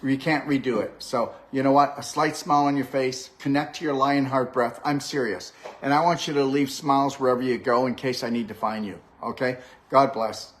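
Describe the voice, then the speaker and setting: A man's voice: medium pitch, steady tone, moderate pace, slight background noise. An older man hosting a live-stream chat with a guest, talking in an upbeat, coaching way and often checking in with "okay? all right?". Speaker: host and health practitioner.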